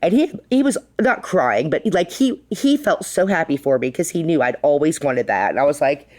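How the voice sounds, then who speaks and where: A woman's voice: sits low, normal speed. A middle-aged woman who co-owns a bar, chatting as a podcast guest and telling stories full of quoted dialogue. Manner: animated, acts out quotes, says "like" a lot. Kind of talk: casual storytelling. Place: podcast studio.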